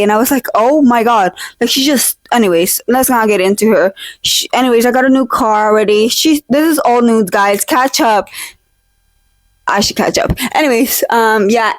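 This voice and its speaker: A young woman with a slightly high voice vlogs from her decorated room at home at a moderate pace, speaking close into her own desk mic on a dry recording. Her casual chat is rambling and jokey, full of fillers and teasing fake-outs.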